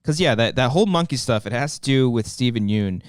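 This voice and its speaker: A man's voice: medium pitch, animated, brisk, smooth, no room sound, studio quality. A man co-hosting a podcast, rambling through a casual film discussion with lots of fillers and restarts, swearing freely. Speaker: podcast co-host.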